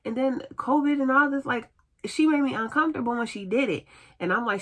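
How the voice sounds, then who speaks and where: A woman telling a personal story in a casual storytime vlog, chatty and animated, acting out what others said. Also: fairly high pitch, fairly quick.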